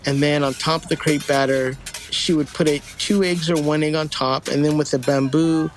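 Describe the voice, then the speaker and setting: A man from the United States telling stories casually, lively and acting out the people in them. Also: fairly high pitch, normal speed, slight background noise. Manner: animated, acts out voices and sings in quotes. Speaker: storyteller guest. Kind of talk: casual storytelling.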